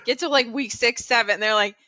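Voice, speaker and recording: A woman's voice: fairly high pitch, fast talker, bright, forceful tone, no echo, lo-fi sound. A woman co-hosting a casual sports podcast, wry and blunt, laughing through her remarks. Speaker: podcast co-host.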